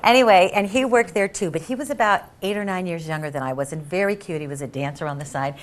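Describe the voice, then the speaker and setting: A middle-aged woman from San Diego, telling a comic anecdote as a game show guest and jumping to high squeals when she quotes herself. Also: fast. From San Diego, California. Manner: animated, jumps to high squeals for quoted lines.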